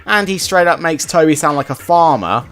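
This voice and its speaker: Brief: enthusiastic video host, lively, animated pitch. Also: male voice, moderate pace, soft background music. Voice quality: chatty, enthusiastic. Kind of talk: scripted video commentary.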